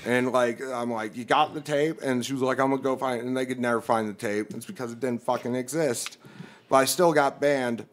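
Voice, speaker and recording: A young male comedian spins a rambling anecdote on a podcast, cursing casually and jumping into loud, pitched-up impressions of the people he quotes. His voice sits at an ordinary middle pitch. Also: fairly quick. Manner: profane, animated storyteller who acts out quotes loudly. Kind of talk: casual storytelling among friends.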